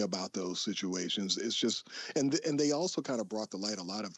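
A man's voice: fairly low pitch, lively intonation, brisk, few pauses, dry recording. A man co-hosting a podcast over a remote call, talking in a thoughtful, easygoing way. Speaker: podcast co-host. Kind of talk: casual chat.

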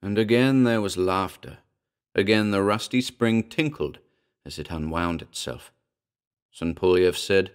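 Man, low voice, measured, grave, horror audiobook narration. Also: clean tone.

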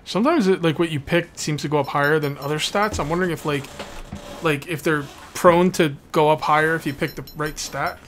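A man's voice: on the high side, fairly quick, a bit bright. A man playing along in a multiplayer game, chatting casually and asking lots of questions. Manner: curious, asks lots of questions. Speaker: co-player. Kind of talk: casual gameplay chat.

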